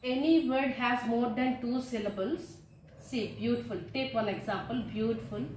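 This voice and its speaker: A woman's voice: a little high, moderate pace, darkish tone, a little hiss or hum. A woman teacher giving a grammar lesson, repeating each word form and spelling letters aloud. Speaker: English teacher. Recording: echoey room.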